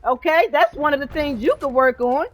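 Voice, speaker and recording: A woman's voice: high voice, fairly quick, slight background noise. A woman gaming streamer rants in a blunt, repetitive way and swears freely while she plays. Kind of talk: heated ranting while gaming. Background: video game gunfire.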